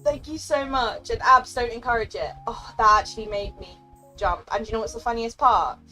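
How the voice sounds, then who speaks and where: A giggly, chatty young woman streaming a game live, talking warmly and emotionally to her chat. Her voice sits a little high for a woman, with faint music playing behind her. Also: moderate pace.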